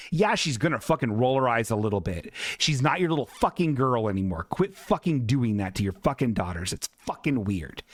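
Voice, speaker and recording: Animated, sarcastic male stream host. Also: mid-range voice, no room sound, clean studio sound. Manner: profane, sarcastic, animated rants. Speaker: podcast and livestream host. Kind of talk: casual comedic chat reading viewer submissions.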